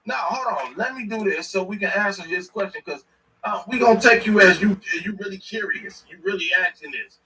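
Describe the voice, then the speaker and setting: A man's voice: sits high, brisk, sharp tone, distant mic, slight background noise, low-quality recording. A man, giving heated, repetitive commentary as he reacts to a clip. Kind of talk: ranting commentary.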